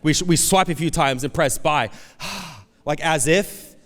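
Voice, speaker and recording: A man preaching a conversational, animated sermon as pastor, acting out quoted voices. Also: a little high, unhurried. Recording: long hall reverb.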